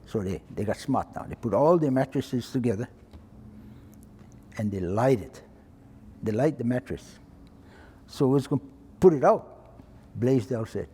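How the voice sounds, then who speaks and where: A man's voice: medium pitch, animated, moderate pace, pauses often, mellow, long reverb tail, a little hiss or hum. A retired fire chief in his eighties with a Hawaiian Pidgin-tinged accent, telling an old story plainly and acting out the voices of people in it. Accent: Hawaiian Pidgin-tinged English. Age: 80s. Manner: plain-spoken, acts out quoted voices. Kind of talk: oral-history storytelling.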